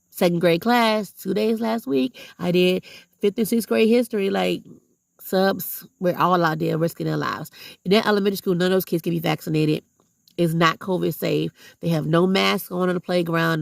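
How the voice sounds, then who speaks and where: Woman vlogger, gravelly fry, dry close sound, blunt and preachy. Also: lowish voice, dry recording. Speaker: vlogger and substitute teacher. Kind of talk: heartfelt casual vlog monologue.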